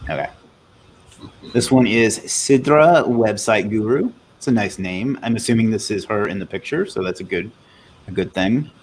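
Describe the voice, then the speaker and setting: Casual male livestream host, slightly low voice, chatty; light background noise. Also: lively intonation, normal speed. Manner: reads viewer comments aloud, loose and chatty. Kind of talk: casual live Q&A chat.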